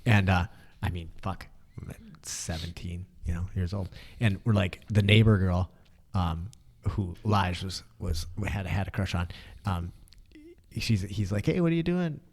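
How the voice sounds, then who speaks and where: A man's voice: deep voice, flat delivery, unhurried, a little mellow. A man from Minnesota co-hosting a podcast, chatting loosely with lots of swearing and laughter. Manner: loose, profane, laughing storyteller. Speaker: podcast co-host. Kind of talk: casual podcast chat.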